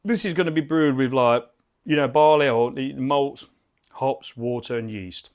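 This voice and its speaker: A man's voice: medium pitch, moderate pace. A British man giving a chatty, enthusiastic and rambling beer review from his garden cabin bar. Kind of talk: casual video review.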